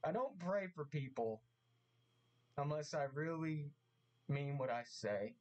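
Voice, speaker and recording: A man making an earnest vlog apology, speaking haltingly and repeating himself, getting emotional as he talks. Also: a little high, lively intonation, darkish tone, rough recording. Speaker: vlogger. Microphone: mask on, camera vlog.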